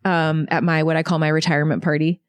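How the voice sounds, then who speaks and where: A woman's voice: deep voice, quick pace, clean tone, no echo. Chatty woman telling her story, dry sound. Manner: chatty, animated, says "like" often. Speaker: podcast guest, business coach. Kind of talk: casual interview storytelling. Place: podcast studio.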